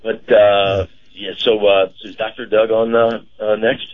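A man co-hosting a casual radio show. He talks in a halting, chatty way with many fillers. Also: lowish voice, flat delivery. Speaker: radio co-host and car dealer. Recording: dull lo-fi radio broadcast.

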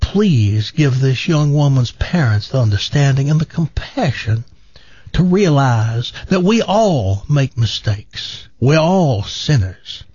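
A man doing an impression of a soft-spoken male TV preacher, telling a story in a gentle, earnest way with slow pauses. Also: mid-range voice, lively intonation, husky, dry recording, muffled recording. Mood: prayerful.

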